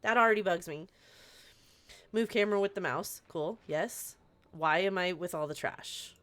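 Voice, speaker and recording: A woman's voice: fairly low pitch, moderate pace, fairly bright tone. A young adult woman streaming a game, chatting casually in a rambling, playful way with lots of asides. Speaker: live streamer. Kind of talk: casual chat while playing a game on stream.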